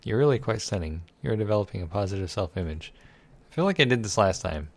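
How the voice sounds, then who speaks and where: A man's voice: fairly low pitch, lively intonation, fast, husky. A man reading a text game aloud and adding sarcastic, irreverent commentary, swearing freely. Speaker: let's play gamer.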